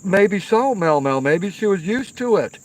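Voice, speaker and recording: This man's voice sits high, expressive and a little mellow, and he takes his time. He's a middle-aged livestream host outdoors at a night fire pit, casually telling a rambling story laced with profanity and frequent "okay?" check-ins.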